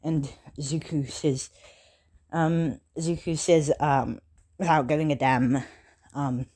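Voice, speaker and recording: A woman casually retelling a fan story, halting often with fillers and self-corrections. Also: deep voice, fairly even intonation, dark tone, slightly rough.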